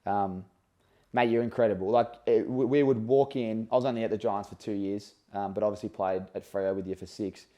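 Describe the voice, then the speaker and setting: Australian man, mellow casual host. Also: lowish voice, steady tone, a little fast. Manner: chatty, rambling questions, friendly banter. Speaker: podcast host, former footballer. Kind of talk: casual interview chat.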